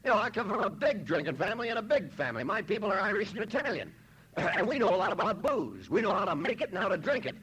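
A man from Los Angeles shares his personal story at a recovery meeting, in a fairly high voice with a lively, swooping pitch. His delivery is wry and self-mocking, with frequent "you know"s and throat clearing. A faint hiss of noise sits under the recording. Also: fast talker, poor audio. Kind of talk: humorous personal testimony.

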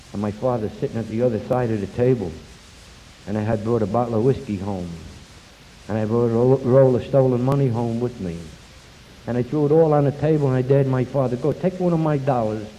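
A man's voice: mid-range voice, steady tone, fairly quick, mellow. An older man from New York telling his life story bluntly to an audience, speaking about recovery from drinking. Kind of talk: personal recovery talk to an audience. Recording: hissy recording in a reverberant hall.

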